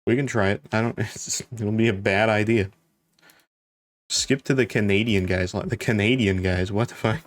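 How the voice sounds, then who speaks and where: A man's voice: lowish voice, steady tone, normal speed. A young man chatting casually on a live stream, rambling, laughing often and swearing now and then.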